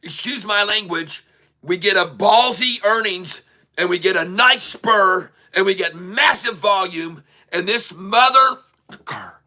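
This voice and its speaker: Furious, bright-voiced man ranting about stocks. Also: sits high, measured pace. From Ireland. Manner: furious, profane, repeating himself, shouting at times. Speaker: stock market video host. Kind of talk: angry ranting market commentary. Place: Dublin, Ireland.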